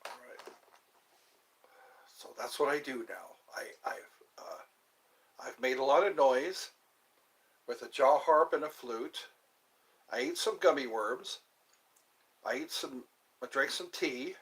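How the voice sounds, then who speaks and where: A man chatting alone on a livestream, rambling slowly from thought to thought with the odd laugh. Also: medium pitch, fairly bright tone. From US East Coast. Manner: slow, meandering, talks to himself, laughs. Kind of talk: rambling solo livestream chat.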